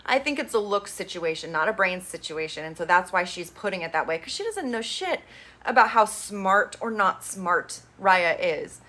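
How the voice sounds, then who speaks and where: With a medium-pitched, bright and forceful voice, a woman gives a very animated, casual recap of a reality dating show at a moderate pace. She's opinionated and chatty, dropping swear words casually.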